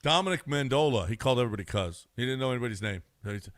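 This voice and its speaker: A middle-aged man in casual sports radio banter, rambling and repeating himself, quick to laugh. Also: medium pitch, animated, no echo, studio quality. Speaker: radio show regular.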